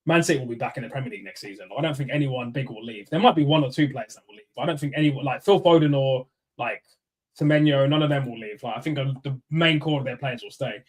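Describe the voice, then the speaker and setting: A young man hosting a casual fan live stream, reading chat and giving shout-outs in loose slang. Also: medium pitch, fast talker.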